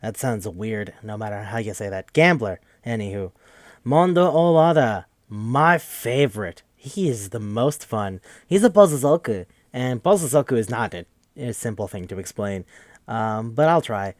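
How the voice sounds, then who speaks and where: A man's voice: lowish voice, expressive, normal speed, no room sound, clean studio sound. A man hosting a podcast, recapping a game in a rambling, joking, profane casual chat. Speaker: podcast host.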